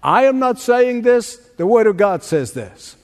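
A man's voice: very high-pitched, very animated, measured pace. Male pastor, earnest sermon delivery, church hall echo. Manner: earnest preaching with a joke story.

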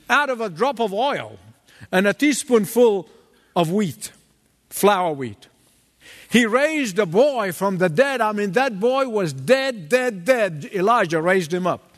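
A man preaching a sermon as pastor, dramatic and animated, acting out the voices of the people in his story. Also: sits high, in a large hall.

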